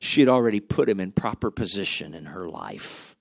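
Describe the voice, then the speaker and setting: A man preaching a sermon, dramatic and full of rhetorical questions, dropping to a hush and then rising loud again. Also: low voice, sing-song, brisk, creaky, no echo, studio quality.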